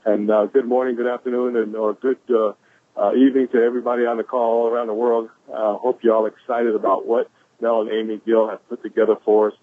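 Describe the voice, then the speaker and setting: A man's voice: medium pitch, little pitch movement, fast, no room sound. Exuberant man on a phone call. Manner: exuberant, shouts "woo", repeats "ladies and gentlemen". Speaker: caller sharing quotes. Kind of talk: energetic motivational talk on a conference call. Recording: phone-line conference call.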